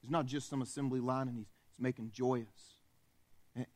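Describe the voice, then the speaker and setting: A man's voice: mid-range voice, fairly even intonation, moderate pace, darkish tone, pitched below the performer's own voice, lightly acted. A man voicing Satan as a proud, seething fallen angel, muttering bitter and boastful lines in a dramatized sermon. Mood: scornful disbelief.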